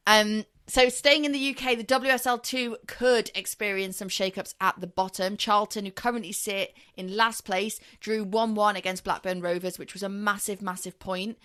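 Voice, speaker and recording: Young woman chatting footy on a podcast, playful, animated. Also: medium pitch, normal speed, hardly any pauses, smooth. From northeast England. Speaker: podcast co-host. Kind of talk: casual sports chat.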